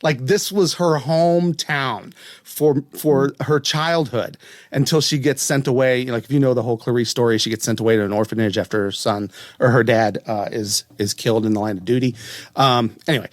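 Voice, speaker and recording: A man's voice: mid-range voice, moderate pace, no echo, studio quality. A man from West Virginia hosting a casual chat, rambling and chatty, often breaking off and restarting his sentences. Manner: rambling, chatty, self-interrupting. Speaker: podcast host.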